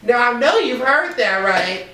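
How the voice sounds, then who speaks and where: A woman's voice: on the high side, very animated, measured pace. A woman hosting a casual talk show, sassy and affectionate, calling her guest honey. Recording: echoey room, distant mic, faint noise.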